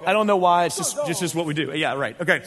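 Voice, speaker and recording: Bright, animated young man in a hall. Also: fairly high pitch, quick pace. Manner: animated, talks with the crowd, shouts at times. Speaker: speaker telling a story to an audience. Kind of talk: lively storytelling talk. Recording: echoey large hall.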